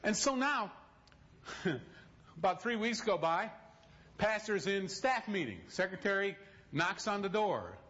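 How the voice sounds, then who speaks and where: A man's voice: high voice, very animated, slow, long pauses, fairly bright tone. A man preaching a sermon in a church, telling stories with direct appeals to the congregation and humorous asides. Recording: dull lo-fi recording.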